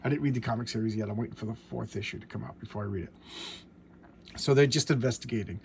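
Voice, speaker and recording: Man, gravelly voice, casual comic review vlog, rambling, lots of restarts, faint hiss. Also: lowish voice, fast. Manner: rambling, many restarts and fillers, excitable.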